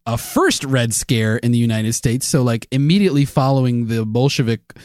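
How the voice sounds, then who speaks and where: A man co-hosting a casual podcast, explaining history with many halting fillers and frequent laughs. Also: medium pitch, a little mellow, no echo, studio quality. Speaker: podcast co-host presenting the history research.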